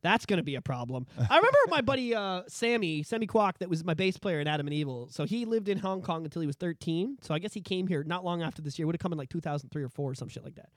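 A man in his thirties from Canada rambles through casual podcast banter in profane, joking rants. His voice sits high for a man, and the sound is dry and close. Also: animated, fast talker, few pauses, no echo. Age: 30s. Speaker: podcast co-host.

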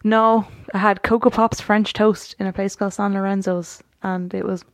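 A woman co-hosts a casual chat about a wrestling show at a middle pitch. She laughs often and trips over her restarts as she talks. The room is dry and close. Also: level tone, normal speed, no echo. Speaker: podcast co-host.

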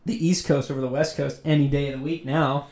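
A man's voice: mid-range voice, steady tone, a little fast, crowd noise. A young man chatting casually, arguing stubbornly and disagreeing. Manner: argumentative, stubborn. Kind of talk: casual chat. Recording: echoey room.

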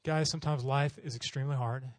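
Here a middle-aged man from Oklahoma, a missionary preacher, gives a storytelling sermon at a fast clip. His pitch is medium, there's no echo, and he animatedly acts out the voices of the characters in his tales.

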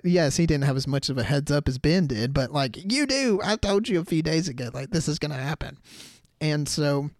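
A man's voice: fairly high pitch, lively intonation, moderate pace, no echo, clean studio sound. A young man hosting a podcast, telling a story in a rambling casual way full of "like" and "you know". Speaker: podcast host.

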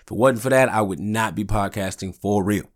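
A man's voice: fairly low pitch, fairly quick. A man in his thirties hosting a podcast, rambling through profane, laid-back stories. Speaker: podcast host. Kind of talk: casual solo podcast monologue.

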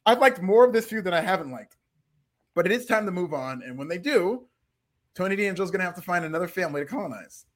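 A man co-hosting a podcast, talking excitedly and joking about wrestling in casual chat. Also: sits high, fast. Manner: excitable, jokey, laughs often. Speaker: podcast co-host.

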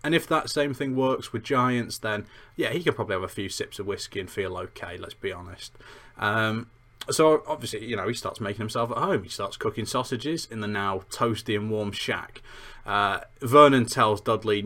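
A podcast host with a lowish, pushed, bright voice talks at normal speed while reviewing a book chapter. His chatty review rambles in a self-deprecating way and includes passages read aloud.

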